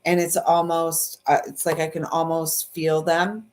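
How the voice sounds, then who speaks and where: A woman's voice: deep voice, completely flat delivery, a little slow, darkish tone. A woman in her fifties from Canada hosts a live card reading. She talks in a gushing, wandering way and keeps circling back to her feelings, with fillers and trailing thoughts. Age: 50s. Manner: gushing, meandering, emotional. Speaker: intuitive card reader, livestream host.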